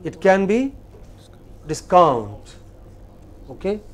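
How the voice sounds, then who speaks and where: A man with an Indian English accent lecturing students on English pronunciation, slow and repetitive, often checking with "okay?". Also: fairly high pitch, animated, a little mellow. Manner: slow, repeats phrases and asks "okay?" often.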